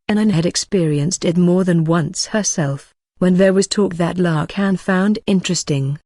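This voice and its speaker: A woman narrating a light novel audiobook with steady, even reading. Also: on the low side, normal speed, hardly any pauses, no echo, clean studio sound. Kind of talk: scripted narration.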